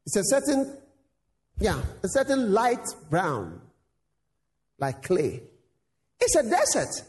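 A male pastor preaching a sermon, acting out dialogues with lively voices. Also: sits high, slow, in a large hall. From Ghana. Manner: animated, acts out dialogues in voices.

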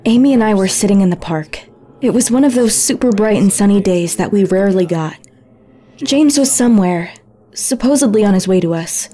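A woman narrating a story in first person, gentle and intimate. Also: medium pitch, lively intonation, fairly quick.

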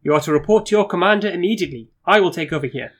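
A man reading out an adventurer loudly issuing fake orders to guards. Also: high voice, expressive, racing, voice pushed up. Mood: commanding.

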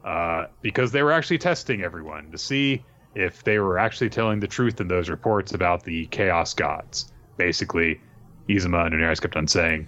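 A man's voice: deep voice, fairly quick, fairly bright tone. A man recapping a story casually, rambling with many fillers and jokey asides. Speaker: podcast host recapping an anime. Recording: dull lo-fi sound.

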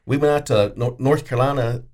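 A man's voice: medium pitch, fairly quick, a little mellow. A man talking easily as a radio guest, rambling a little and laughing often. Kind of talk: casual chat.

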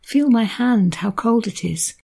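A desperate young street girl begs for help in a gravelly voice, as a woman reads her lines. Her tone is husky and mellow. The pitch sits a little above the reader's usual voice. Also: lively intonation, measured pace, exaggerated voice. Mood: pleading. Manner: pleading.

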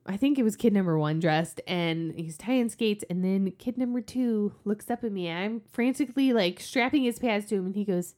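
Laughing, animated hockey mom. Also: female voice, medium pitch, normal speed, hardly any pauses. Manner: laughs often, expressive and exasperated when telling stories. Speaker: podcast co-host, hockey mom. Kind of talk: casual chat, animated storytelling.

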